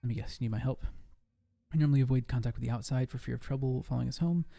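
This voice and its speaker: A man reading out the lines of a grave male leader of a hidden refuge in a video game, in a measured, formal way. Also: mid-range voice, creaky, dark tone. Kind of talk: reading game dialogue aloud.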